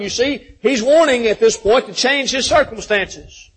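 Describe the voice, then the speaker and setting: A man's voice: high voice, lively intonation, normal speed, hardly any pauses, husky, poor audio. A man preaching a sermon, telling a folksy story with frequent restarts and repeated words.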